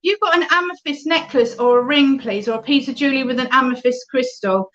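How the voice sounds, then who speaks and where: A fairly high-voiced woman leads an online spiritualist reading as the medium. She talks in a warm chatty flow and keeps checking in with "okay?". The sound is dull and lo-fi, like a home web stream. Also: fast. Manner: chatty, reads out viewer comments, often adds "okay?".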